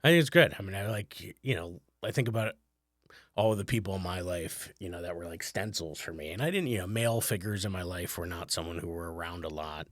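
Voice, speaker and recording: A man's voice: sits low, fairly quick, fairly bright tone, no echo, clean studio sound. A man hosting his own podcast, chatting in a rambling, casual way with lots of fillers. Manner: rambling, conversational, many fillers. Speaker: podcast host, comedian. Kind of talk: casual solo podcast talk.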